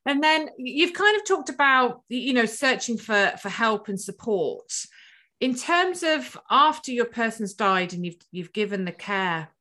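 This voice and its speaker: A woman hosting a conversational interview as a counselor. She talks in an animated, reassuring way, with many asides. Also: on the high side, a little slow. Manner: animated, reassuring, acts out inner voices. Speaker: podcast host and counselor.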